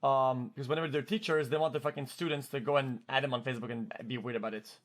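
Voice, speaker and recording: A French-Canadian-accented man in his twenties, a streamer, tells a story in casual chat with a fast, mid-range voice. He's excitable, curses freely, and stumbles over repeated words.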